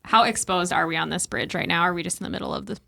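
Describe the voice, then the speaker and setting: A woman's voice: fairly low pitch, racing, vocal fry, bright, forceful tone. A woman playing a tabletop game, asking the game master focused questions about the scene. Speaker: player. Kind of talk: tabletop role-play.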